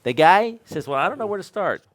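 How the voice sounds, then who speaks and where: A man's voice: high-pitched, big pitch swings, a little fast. A middle-aged man, an electrical instructor, telling an anecdote to a class and acting out both sides of the conversation. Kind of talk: storytelling anecdote in a lecture.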